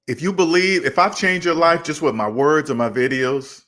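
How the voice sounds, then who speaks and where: Animated man acting out both sides of a chat. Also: on the high side, moderate pace. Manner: animated, acts out both sides of imagined conversations. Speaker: finance channel host. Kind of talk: casual livestream talk answering chat.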